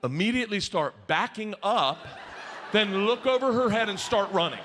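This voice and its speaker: A high-pitched, animated middle-aged male comedian telling a stand-up story, his voice swinging wide between low asides and shouted peaks. Noise from the live room hangs behind him. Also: normal speed. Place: live comedy venue with audience.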